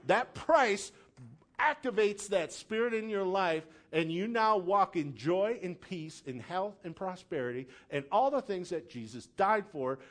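A pastor preaching a sermon, casual asides and checking in with the congregation, building to loud emphatic peaks. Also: male voice, high-pitched. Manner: conversational asides, checks in with "okay?".

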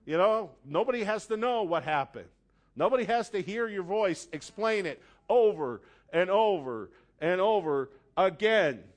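A man with a notably high voice preaches a sermon in a church. He is animated, switching into quick acted-out voices and sudden squeals to make his points. His delivery swings between loud and hushed. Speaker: pastor.

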